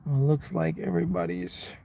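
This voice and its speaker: A man's voice: a little high, sing-song, brisk, vocal fry, mellow, slight background noise. A man, chatting casually with his viewers on a live stream from his car, laid-back and rambling, calling people bro and man. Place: inside a car.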